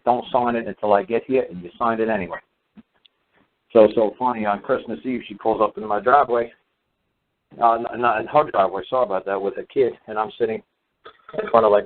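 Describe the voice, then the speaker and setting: Man rambling over tinny radio audio. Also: lowish voice. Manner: rambling, many fillers and restarts. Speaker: talk show host. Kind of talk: casual storytelling monologue.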